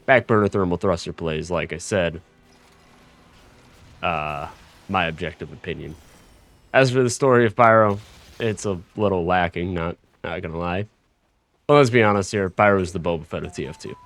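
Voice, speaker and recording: Casting: man, low voice, brash sweary gaming commentator with offhand asides. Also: a bit bright. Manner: brash and profane, with joking asides and self-corrections. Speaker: gaming YouTuber. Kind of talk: casual tier-list commentary read from a script.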